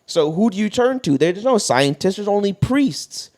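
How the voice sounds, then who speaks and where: A young man co-hosting a podcast in casual chat, animated and profane, acting out bits of quoted voices. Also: sits high, normal speed. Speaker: podcast co-host.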